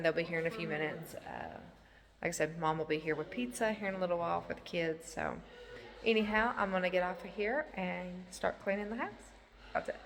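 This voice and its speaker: A woman's voice: lowish voice, fairly bright tone, slight background noise. A woman, talking casually in a rambling vlog as a mother. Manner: chatty, rambling, with drawn-out fillers. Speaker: vlogger and mother.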